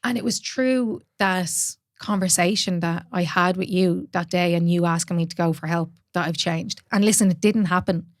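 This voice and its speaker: A woman's voice: fairly low pitch, normal speed, hardly any pauses, no room sound, clean studio sound. A woman in her thirties with an Irish accent, hosting a podcast as a fitness coach, talking candidly in casual chat, swearing freely and laughing often.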